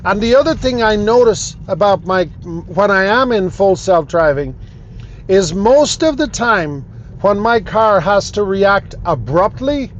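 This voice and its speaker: High-voiced man ranting slowly from his car. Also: a little hiss or hum. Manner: emphatic, indignant ranting with repeated phrases. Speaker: vlogger. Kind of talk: talking to camera.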